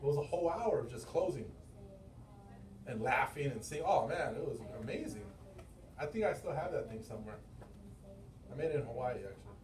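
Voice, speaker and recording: Man, middle-aged, sales manager, lively storytelling, laughing, roomy sound. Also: mid-range voice, brisk, pauses often, background noise. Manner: animated storytelling, acting out quotes; loose, profane, laughing often. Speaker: sales manager and business owner. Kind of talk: motivational team meeting talk. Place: meeting room. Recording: roomy, from far off the mic.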